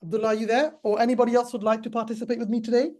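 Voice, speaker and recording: A man's voice: extremely high pitch, little pitch movement, very fast, warm tone. A middle-aged man teaching pharmacists in an online webinar, chatty and repetitive, speaking straight to his class. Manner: chatty, repeats himself, addresses the class directly.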